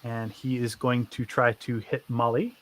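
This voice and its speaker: A man narrating a tabletop game as game master, briskly and with many fillers. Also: mid-range voice, flat delivery, fairly bright tone.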